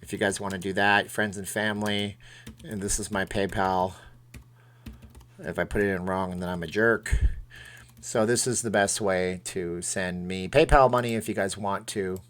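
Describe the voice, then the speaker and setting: A man's voice: low-pitched, fairly even intonation, normal speed, a bit bright. A man hosting a casual live stream from home, reading viewer comments aloud and answering them in a chatty, self-deprecating way.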